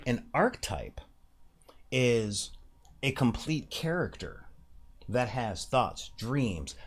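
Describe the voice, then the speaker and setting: A man hosting a casual monologue about tabletop gaming, emphatic and animated, slipping briefly into mock voices to make a point. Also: mid-range voice, slow pace. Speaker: podcast host.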